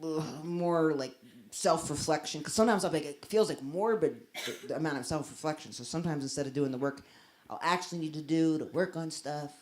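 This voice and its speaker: A woman's voice: low voice, fairly quick, darkish tone, far from the mic. A woman doing stand-up comedy, chatting and riffing with the audience in a comedy club. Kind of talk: stand-up with crowd work. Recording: roomy club with audience laughter. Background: audience laughing.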